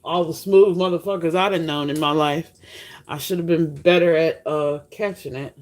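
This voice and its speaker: A woman's voice: sits low, steady tone, moderate pace, darkish tone. A woman talking frankly to her viewers in a casual monologue, swearing and laughing often while she cooks. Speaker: vlogger.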